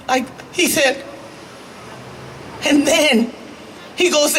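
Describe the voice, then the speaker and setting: A woman's voice: sits high, measured pace, bright, forceful tone, slight background noise, rough recording. A woman telling a personal story at a public rally, earnest and building to a rousing call to keep going. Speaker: rally speaker.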